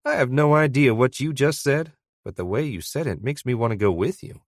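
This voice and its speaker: A man's voice: mid-range voice, brisk, dry recording, clean studio sound, voice pushed up, natural voice. A man voicing an older retired newspaper veteran who talks in a sardonic, ribbing way, in an audiobook.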